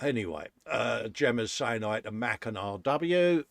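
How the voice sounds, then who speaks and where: An Englishman hosts a casual live chat from his workshop in a gravelly, mid-range voice, animated but unhurried. He's chatty, laughs a lot, and keeps calling everyone "mate." The sound is studio quality with no echo.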